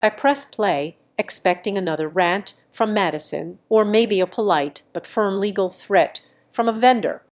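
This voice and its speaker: A woman narrating a scripted first-person story in a steady, measured way. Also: mid-range voice.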